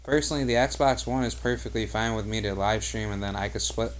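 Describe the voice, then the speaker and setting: A man's voice: lowish voice, fairly quick, slight background noise. A young man streaming a basketball video game, talking casually with many fillers and swearing. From United States. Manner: rambling, profane, heavy on "like" and "you know". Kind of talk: live gameplay commentary and casual chat.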